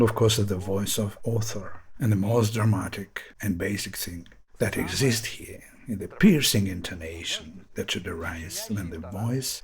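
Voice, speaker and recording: A man in his sixties, a pianist, explaining a piece of music in an emphatic, impassioned way with long pauses. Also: fairly low pitch. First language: Russian. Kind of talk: musical analysis talk.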